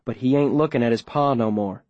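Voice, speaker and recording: A man narrating a first-person audiobook in a low, steady storytelling voice. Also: fairly quick, no echo, highs cut off.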